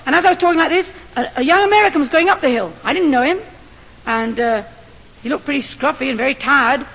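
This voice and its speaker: An older woman, a missionary doctor, preaching a sermon told as a lively, earnest story with rising emphasis. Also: high-pitched, fast. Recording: long hall reverb.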